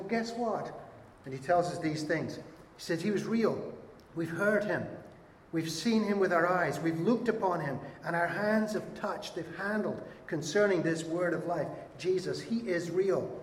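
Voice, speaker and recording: Animated male pastor in echoey hall. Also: high voice, normal speed, a little hiss or hum. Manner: animated, acts out quoted voices. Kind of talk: sermon. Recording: echoey hall with faint ambience.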